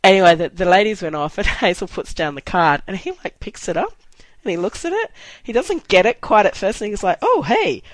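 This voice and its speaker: A woman's voice: medium pitch, a little fast, dry recording, rough recording. Chatty woman telling a fan story. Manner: animated, laughing, acts out quotes. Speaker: fan recounting a convention meet. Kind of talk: casual chat, storytelling.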